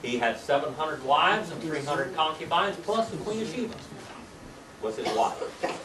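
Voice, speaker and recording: A man's voice: on the high side, animated, unhurried, distant mic. An older man teaching a Sunday school Bible class, quizzing his students with folksy tag questions. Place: church classroom. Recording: echoey room recorded from afar, faint hiss.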